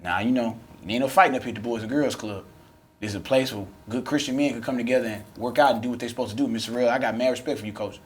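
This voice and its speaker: Fast, animated man telling a story. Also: mid-range voice, husky. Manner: loud, lively storyteller, acting out the characters' voices. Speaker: podcast co-host.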